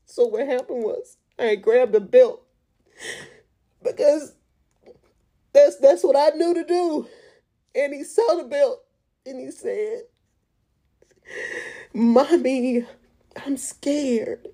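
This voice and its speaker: A woman who is a mother, giving an earnest, emotional faith testimony with repetitions and pauses. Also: high voice, mellow. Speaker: mother of an autistic son.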